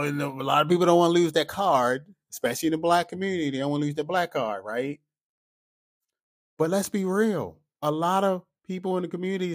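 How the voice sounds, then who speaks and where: A man who is a police officer, talking through his opinions in a casual podcast monologue, emphatic and full of rhetorical asides. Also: fairly high pitch. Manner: animated, emphatic, rhetorical "right?" asides and acted-out quotes.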